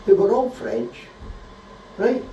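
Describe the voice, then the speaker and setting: A Scottish man performs stand-up in a small live venue, delivering jokes in an unhurried, deadpan way. His voice sits slightly high and is picked up from a distance in a roomy, echoing space. Faint background noise hangs under it. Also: lo-fi sound. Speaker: stand-up comedian. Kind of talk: stand-up comedy set.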